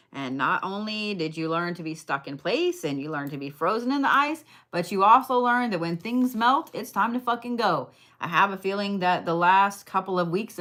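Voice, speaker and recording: A woman's voice: fairly low pitch, a bit bright. A woman doing a casual livestream card reading, blunt, chatty and full of swearing as she talks to viewers.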